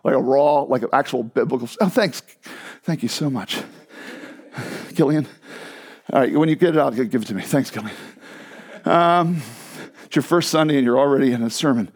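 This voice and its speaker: A man preaching a sermon to his church, conversational and animated, with asides to the congregation. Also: mid-range voice, normal speed, pauses often. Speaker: pastor. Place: church sanctuary.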